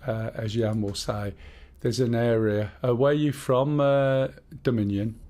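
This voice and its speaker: A man's voice: mid-range voice, steady tone, measured pace, hardly any pauses, dark tone. A man with a Black Country accent chatting casually and rambling to himself while he streams a game. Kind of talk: casual live-stream gaming chat.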